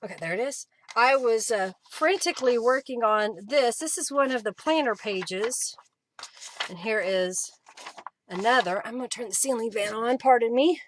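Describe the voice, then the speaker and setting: A slightly high-voiced woman talks through her crafting on a live stream. She is chatty and thinks aloud as she works, casual and unscripted. She is in a craft room at home, with a faint hiss and clicks behind her. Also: lively intonation, moderate pace.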